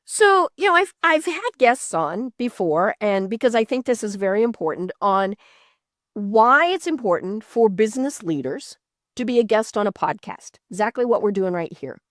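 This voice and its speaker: A woman's voice: mid-range voice, sing-song, normal speed, no room sound, clean studio sound. A woman hosting a podcast, chatting casually with frequent fillers, restarts and laughs. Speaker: podcast host. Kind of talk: casual interview chat.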